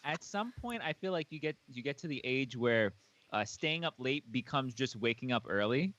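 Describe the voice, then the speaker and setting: A man chatting casually with friends on a live stream, talking in a relaxed, rambling way. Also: medium pitch, moderate pace, highs cut off.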